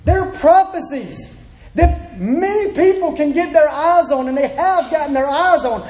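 A man's voice: very high-pitched, expressive, unhurried, a little mellow, reverberant, poor audio. A man preaching a sermon in an earnest, pleading way, repeating his phrases and acting out the voices he quotes.

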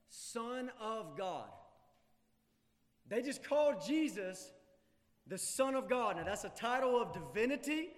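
A male pastor preaching a sermon in a church, emphatic, swinging from loud urgency to hushed intensity. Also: high-pitched. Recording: long hall reverb.

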